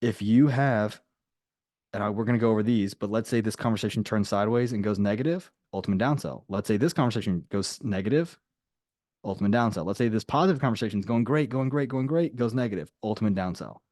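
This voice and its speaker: Male sales coach on a group call; deep, warm, dry, conversational and insistent. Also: fast talker, no echo. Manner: casual, emphatic, repeats key phrases.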